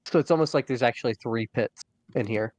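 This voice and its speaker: A man's voice: mid-range voice, a little fast, darkish tone, no room sound. A man running a tabletop game as dungeon master, narrating with many fillers and restarts.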